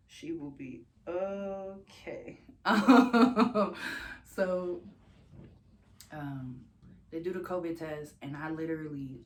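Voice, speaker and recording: A young woman vlogging, telling a personal story in a casual, candid way, swearing freely and laughing between sentences. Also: a little hiss or hum. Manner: jumps much higher when quoting herself.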